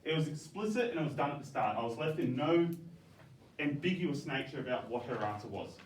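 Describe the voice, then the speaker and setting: A male teacher, giving classroom feedback in a coaxing, brisk way, often checking "okay?". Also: fairly high pitch, lively intonation. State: out of breath. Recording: echoey classroom, from far off, faint background noise.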